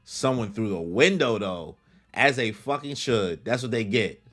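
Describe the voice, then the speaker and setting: A young man in a live reaction stream, his voice swinging up and down as he exclaims at each page. He talks slowly and crudely, calling everyone bro. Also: lowish voice, animated, a bit bright, faint music behind. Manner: exclaiming, crude slang, says "bro" a lot. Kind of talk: live reaction commentary while reading.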